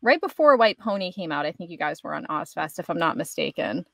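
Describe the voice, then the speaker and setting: This podcast host is a woman with a low-pitched, gravelly voice that swings widely in pitch and runs a little fast, with no echo. She keeps the casual interview chatty and enthusiastic, laughing often and using lots of fillers.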